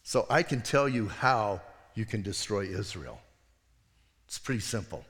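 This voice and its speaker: A man voicing a greedy, scheming male false prophet in a low, sly, matter-of-fact tone. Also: lively intonation, a little slow, fairly bright tone, long reverb tail.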